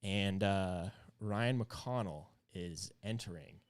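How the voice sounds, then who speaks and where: A man's voice: low-pitched, slow, clean tone. A man hosting a casual livestream chat, upbeat and chatty with plenty of fillers. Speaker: livestream host.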